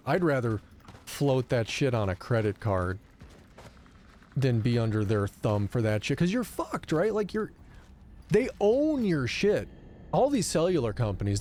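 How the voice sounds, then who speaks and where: A young man streaming a game, telling a story in an animated, profane rant and acting out both sides of a phone call. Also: medium pitch, a little hiss or hum. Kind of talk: casual live-stream storytelling while gaming.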